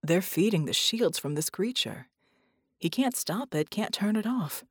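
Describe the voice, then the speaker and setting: A woman voicing a determined hero man who talks in low, clipped phrases and calls his wife darlin'. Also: expressive, unhurried, husky, no echo, studio quality. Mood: grim.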